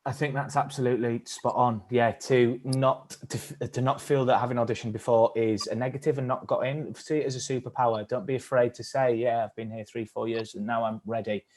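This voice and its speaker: A man's voice: mid-range voice, steady tone, a little fast, few pauses, darkish tone. A man from England co-leading a live-streamed acting workshop, speaking thoughtfully with some hesitant restarts. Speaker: workshop leader.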